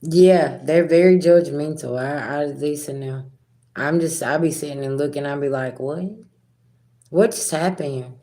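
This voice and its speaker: A middle-aged woman, a spiritual reader talking casually and directly to her viewers in a rambling, animated way. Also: low-pitched, normal speed. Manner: animated, rambling, talks straight to viewers with asides. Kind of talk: casual direct-to-camera talk.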